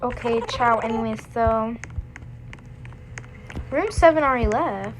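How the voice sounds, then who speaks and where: A woman's voice: on the high side, unhurried, noisy background. A young woman chatting casually while playing a game with a friend, sassy and full of slangy roasting. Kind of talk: casual voice-chat gameplay banter.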